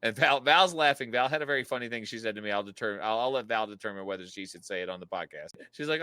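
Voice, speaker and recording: A man hosting a podcast, telling stories in an animated way and laughing often. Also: lowish voice, quick pace, few pauses, smooth, no echo. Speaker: podcast host. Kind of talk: casual chat.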